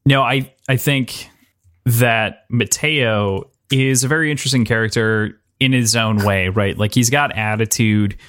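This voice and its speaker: A man's voice: mid-range voice, a little slow, fairly bright tone. A man co-hosting a podcast, casually discussing a book and asking his partner probing follow-up questions. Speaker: podcast co-host.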